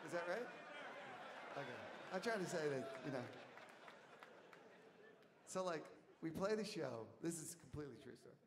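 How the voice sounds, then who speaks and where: Middle-aged male musician, onstage storyteller, slightly high voice, animated and laughing, faint tape hiss. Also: normal speed, long pauses. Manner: animated, laughing, swings from mumbling to shouting. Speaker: musician telling a story on stage. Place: live concert venue. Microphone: stage mic, audience tape. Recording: audience taper recording, faint hiss.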